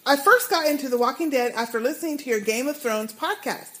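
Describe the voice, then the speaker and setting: High-voiced woman podcast co-host. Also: a little fast. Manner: animated, reads emails aloud with asides. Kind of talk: casual chat, reading listener emails.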